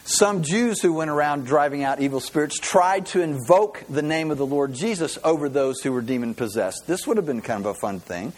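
Animated, husky-voiced male pastor. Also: fairly high pitch, fairly quick, few pauses. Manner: animated, storytelling, with many repeated "and"s. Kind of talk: sermon.

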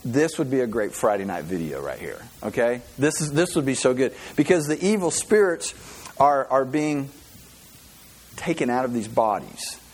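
A male pastor preaching a sermon, telling Bible stories in an animated way and often stringing thoughts together with "and". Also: medium pitch, normal speed, breathy edge. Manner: animated, storytelling, with many repeated "and"s.

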